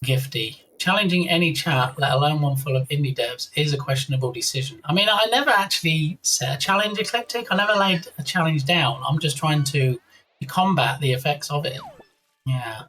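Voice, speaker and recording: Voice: medium pitch, a little fast, sharp tone, soft background music. A live-stream host chatting casually and playfully, reading out viewer names and thanking them one by one. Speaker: livestream host.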